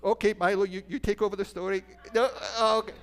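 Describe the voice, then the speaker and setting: A Scottish minister in middle age speaks fast in a high voice with little pitch movement. Standing in the church sanctuary, he tells the children a story in a chatty, playful manner and poses questions to them.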